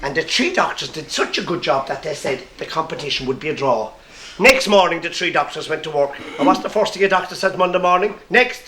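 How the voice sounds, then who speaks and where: A man with an Irish accent telling a comic story live to an audience, lively and playful. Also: fairly high pitch, fairly quick. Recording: echoey room with faint noise.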